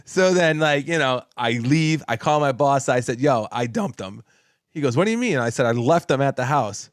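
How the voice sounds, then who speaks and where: Man, mid-pitched voice, dry close sound, animated storyteller, repeats words, laughs through quotes. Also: moderate pace, no room sound. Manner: swears casually. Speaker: podcast co-host telling a story. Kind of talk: casual storytelling chat.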